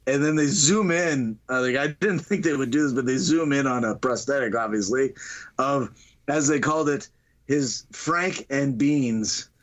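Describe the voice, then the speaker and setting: A man's voice: medium pitch, normal speed. A man casually retelling a funny movie scene on a podcast, laughing often and acting out the characters' lines. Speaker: podcast co-host.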